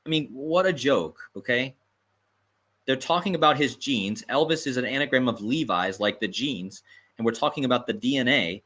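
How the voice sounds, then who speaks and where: A man hosts a livestream in a bright, edgy voice. He talks emphatically, circles back to repeat his points and drops amused asides to his viewers. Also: mid-range voice, animated, moderate pace. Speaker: host. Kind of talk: livestream commentary.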